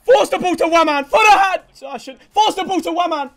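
A young man commentating his own football video game matches, hoarse from yelling celebrations. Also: extremely high pitch, brisk. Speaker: gaming YouTuber.

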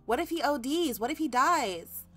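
A woman giving casual, animated gameplay commentary, full of slang and sudden shrieks of mock alarm. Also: high voice, moderate pace, over loud music. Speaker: gaming YouTuber.

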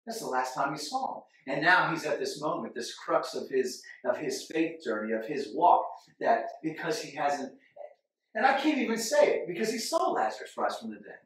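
Man, pastor, animated sermon, loud-to-hushed swings, heavy echo, distant mic. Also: fairly high pitch, normal speed. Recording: echoey church hall from off-mic.

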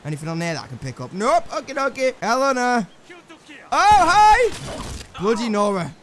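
An English man giving excitable, swearing let's play commentary to himself while he plays, with game music behind him. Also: high voice, quick pace, a little hiss or hum. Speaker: gameplay commentator.

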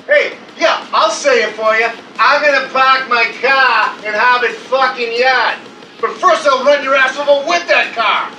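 A man's voice: sits high, expressive, fairly bright tone, soft background music. An actor with a Boston accent playing a crude, sarcastic, hot-tempered convenience store clerk in his thirties. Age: 30s. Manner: crude, sarcastic, quick to explode. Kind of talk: sitcom acting.

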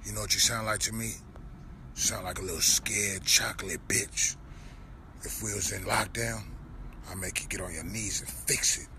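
Dude putting on a deep low prison bully voice, sneering, bright edge. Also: male voice, fairly even intonation, normal speed, gravelly, slight background noise, exaggerated voice. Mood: taunting. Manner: taunting, sneering.

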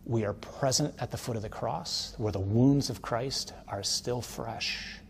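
A priest teaching on worship in an easy, conversational manner, checking in with his listeners through quick tag questions. His voice sits at a middle pitch and rises to emphatic, ringing declarations, with a faint hiss of noise under the recording. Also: gravelly. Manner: builds to forceful, emphatic declarations.

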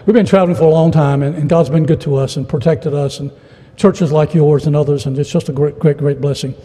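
A folksy, joking middle-aged evangelist man preaching in a church sanctuary, often tripping over his words and starting again. His voice is husky and dark in tone, with long reverb from the hall around him. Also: on the high side, steady tone, brisk. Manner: folksy, humorous, stammering restarts. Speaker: traveling evangelist. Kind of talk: sermon with storytelling.

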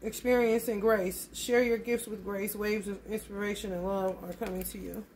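A woman's voice: medium pitch, steady tone, normal speed, a little mellow, slight background noise. A woman giving a casual tarot reading, blunt and profane, calling her listeners honey. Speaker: tarot reader.

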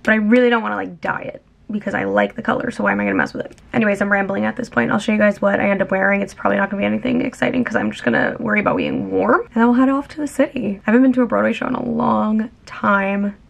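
A young woman in her twenties, hoarse with her voice mostly gone, chatting and rambling casually to camera at home. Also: medium pitch, fairly even intonation, racing, few pauses. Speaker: vlogger. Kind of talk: casual vlog chat to camera. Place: at home indoors.

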